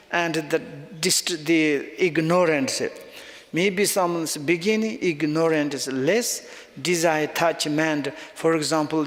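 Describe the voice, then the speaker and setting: A male Buddhist teacher giving a dharma talk in halting non-native English with loose phrasing, chuckling often as he explains. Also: a little high, fairly bright tone. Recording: long reverb of a large hall.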